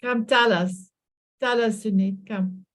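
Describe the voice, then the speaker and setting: A woman hosting a group call, gently encouraging the guests to speak. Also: a little high, steady tone. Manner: slow, encouraging prompts. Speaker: host.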